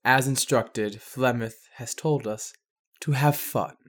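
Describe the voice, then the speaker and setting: A co-host of a casual gameplay commentary podcast, recapping in a dry, drawn-out deadpan. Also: mid-range voice.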